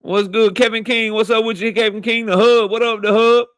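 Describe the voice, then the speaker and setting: A man hosting a boxing livestream who greets viewers by name in loud, slangy, profane banter. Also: high-pitched, flat delivery, a little fast, smooth, no room sound, clean studio sound. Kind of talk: casual livestream chat, shouting out viewers.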